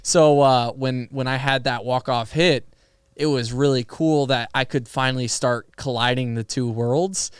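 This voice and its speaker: A young man and podcast guest telling stories in a casual, animated way, laughing often and using many fillers. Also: mid-range voice, measured pace, clean tone, dry recording, studio quality. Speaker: podcast guest, pro athlete. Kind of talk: casual storytelling conversation.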